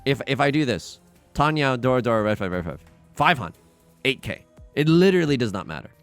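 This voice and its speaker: A man with a gravelly, creaky voice talks through his game in an offhand, rambling way. His pitch swoops widely as he chats, stumbles and restarts. Soft game music sits faintly underneath. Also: animated, fairly quick. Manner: rambling, chatty, with frequent restarts and laughs. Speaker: Let's Play host. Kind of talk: casual gameplay commentary.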